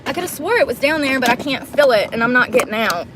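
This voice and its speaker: A woman rambles bluntly into her phone from a parked car, with a sarcastic edge. Her voice sits fairly high. Faint car noise hums behind her. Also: expressive, fast. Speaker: vlogger. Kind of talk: casual rambling vlog. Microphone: phone mic.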